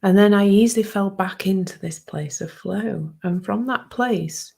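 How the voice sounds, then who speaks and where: A woman in her fifties giving a soft-spoken, reflective personal talk that often sinks to a hushed near-whisper. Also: mid-range voice, unhurried, vocal fry, slightly rough. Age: 50s. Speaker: speaker sharing a personal reflection.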